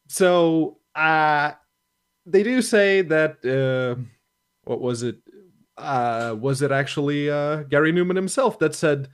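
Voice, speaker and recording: A man's voice: on the high side, slow, clean tone. A man co-hosting a casual gaming podcast, speaking with wry, dry sarcasm. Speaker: podcast co-host.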